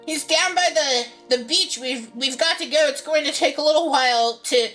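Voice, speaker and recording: A woman voicing a small, excitable male kobold who stammers in a panic during a tabletop game. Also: normal speed, soft background music. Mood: urgent. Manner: panicked, high-pitched, stammering. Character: frantic little male kobold, anxious and excitable.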